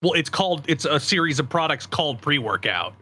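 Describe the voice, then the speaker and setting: Bright, animated man explaining casually. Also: on the high side, brisk. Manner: easygoing, explains matter-of-factly. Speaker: podcast co-host. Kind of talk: casual comedic chat.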